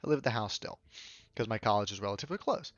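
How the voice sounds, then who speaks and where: A man's voice: fairly low pitch, animated, rapid-fire, dry recording, highs cut off. A young man in a casual story-time rant, rambling and chatty, full of asides, on a home desk microphone. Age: young adult. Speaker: vlogger.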